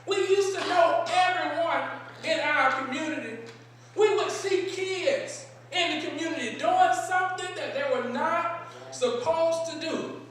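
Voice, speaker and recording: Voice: very high voice, a little slow, fairly bright tone. A preacher voicing an elderly Southern grandmother with a Southern accent, telling homely, emphatic stories, recorded from a distance in an echoey sanctuary. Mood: reminiscing.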